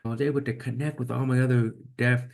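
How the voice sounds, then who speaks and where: A man's voice: medium pitch, little pitch movement, quick pace, vocal fry, darkish tone. A man with a deaf accent, telling his own story as an interview guest in an earnest, reflective way. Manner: earnest, reflective, repeats words when restarting.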